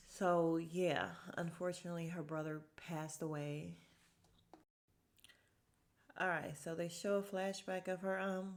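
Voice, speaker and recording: A woman's voice: fairly low pitch, moderate pace. A woman hosting a podcast, chatting casually as she recaps a reality show, acting out what people said and dropping to a whisper for sad moments.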